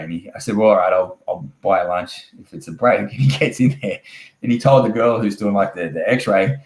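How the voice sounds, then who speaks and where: A man's voice: lowish voice, brisk, roomy sound. A young Australian man, a wrestler guest, telling a rambling, swearing anecdote and acting out the dialogue. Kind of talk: casual storytelling interview.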